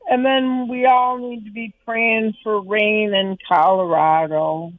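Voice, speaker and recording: A woman calling in to a radio show, talking in a halting, rambling way. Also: mid-range voice, steady tone, no echo, faint music behind. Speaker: caller. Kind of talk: casual call-in chat. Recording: tinny phone line.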